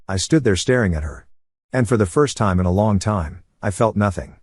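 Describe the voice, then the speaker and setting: A man tells a first-person story in a steady, measured voice. His tone sits low and husky. The sound is dry and close. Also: no echo.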